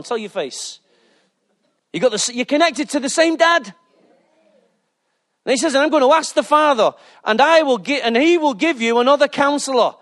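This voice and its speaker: A male pastor preaching a lively sermon, calling out to the congregation for responses. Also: very high voice. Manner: exuberant, calls for responses with "Amen".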